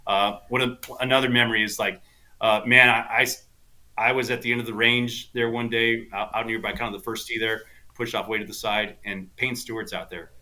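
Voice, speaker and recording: A man's voice: fairly low pitch, fairly even intonation, a little fast, pushed and bright. A man from South Texas, a golf instructor guest on a podcast, telling rambling anecdotes full of fillers and quoting people animatedly. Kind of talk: casual storytelling chat.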